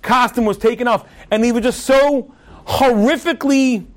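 A man giving a sermon as a story, animated and acting out the voices of the figures in it. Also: extremely high pitch, moderate pace.

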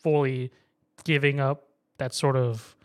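A man's voice: medium pitch, slow pace. A man casually recapping an anime episode, acting out the characters' lines as he goes. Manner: animated storytelling, acts out characters' lines. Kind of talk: casual chat.

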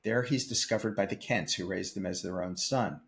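A man quoting a professor who calmly recites a story in a measured way. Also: deep voice, creaky, slight background noise. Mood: recounting.

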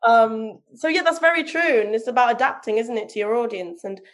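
Chatty English woman, quick laughs. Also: a little high. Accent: neutral southern English. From England. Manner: chatty, laughs often, many ums. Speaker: podcast guest, comedian. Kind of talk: casual chat.

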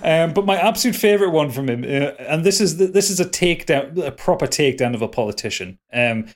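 A man's voice: fairly high pitch, animated, fast talker. A man with a Geordie accent chatting casually on a podcast, rambling with lots of ums and restarts and swearing freely. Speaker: podcast co-host.

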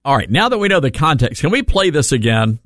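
A man's voice: on the high side, big pitch swings, fast talker, a bit bright, no room sound, clean studio sound. A man hosting a talk radio show, speaking in a brash and blunt way.

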